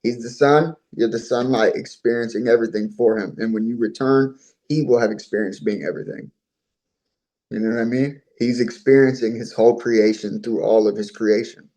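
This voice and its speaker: A man's voice: mid-range voice, fairly even intonation, normal speed, dark tone, low-quality recording. A man being interviewed, telling his own story in an earnest, talkative way and repeating himself often. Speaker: interview guest.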